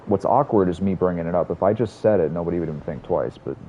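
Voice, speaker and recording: Low-voiced profane gaming streamer. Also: male voice, fast talker, mellow, muffled recording, slight background noise. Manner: profane, rambling, self-mocking. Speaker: streamer playing a game. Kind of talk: casual gameplay chat.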